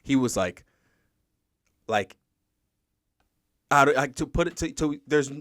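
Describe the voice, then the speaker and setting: A man's voice: medium pitch, animated, takes it slowly, a bit bright, dry recording, studio quality. A man hosting a casual podcast conversation, telling a story with many restarts and quoting other people's voices as he goes. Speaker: podcast host.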